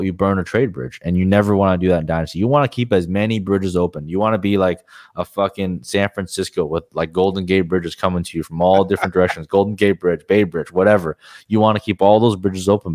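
A man's voice: sits low, steady tone, fast, darkish tone, no room sound, studio quality. A man talking as a guest on a podcast, frank and rambling, swearing casually as he explains his points.

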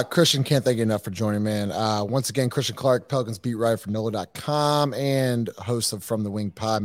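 A man's voice: lowish voice, no room sound. A man hosting a casual sports podcast, asking questions and thanking his guest in a friendly, upbeat way. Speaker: podcast host.

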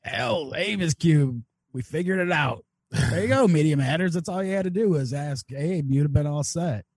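A man's voice: fairly high pitch, animated, normal speed, a little mellow, slightly rough, no room sound, studio quality. A man co-hosting a casual talk show, upbeat and joking, often laughing.

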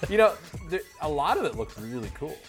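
Deadpan man with a higher voice. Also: a little fast, soft background music. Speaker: podcast co-host. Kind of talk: casual chat.

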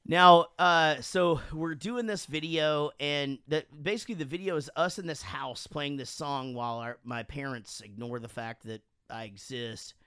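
Man, animated storyteller, tipsy, dry close sound. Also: a little high, moderate pace, hardly any pauses, clear, resonant tone, no echo. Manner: animated, swearing, acts out quotes. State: drunk. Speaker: podcast host and band frontman. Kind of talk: casual storytelling chat.

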